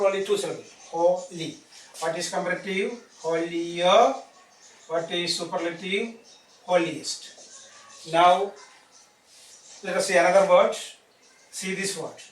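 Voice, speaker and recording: A man teaching a grammar lesson, spelling words letter by letter and asking "isn't it?" after each point. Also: sits high. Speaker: English teacher. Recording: echoey room, distant mic, faint hiss.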